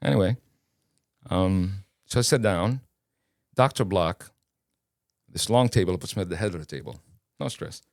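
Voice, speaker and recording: Interview guest: a man, lowish voice, dry close sound, animated and chatty storyteller. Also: moderate pace, pauses often, no room sound. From Kuwait. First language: Arabic. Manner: animated, casual storyteller who acts out dialogue.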